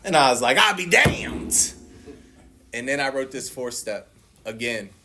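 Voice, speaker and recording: A man's voice: mid-range voice, fairly even intonation, fairly quick, fairly bright tone. A man speaking at a recovery meeting, sharing his personal testimony in a blunt, profane, storytelling way and acting out other people's lines.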